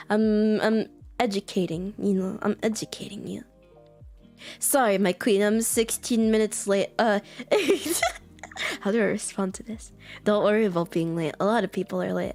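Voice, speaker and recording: A woman's voice: mid-range voice, darkish tone. A woman with an American accent chatting casually with her live chat as a streamer, giggling often and saying "like" a lot. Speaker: VTuber streamer.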